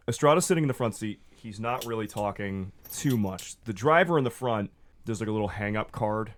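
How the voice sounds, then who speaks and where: Low-voiced man narrating a tabletop game. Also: animated, brisk, faint music behind. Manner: casual narration with filler words. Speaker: game master.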